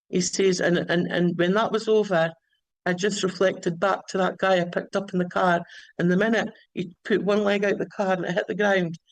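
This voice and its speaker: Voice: medium pitch, vocal fry, no room sound, rough recording. A caller telling a story at length, often restarting and repeating words, on a remote line. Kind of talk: rambling storytelling.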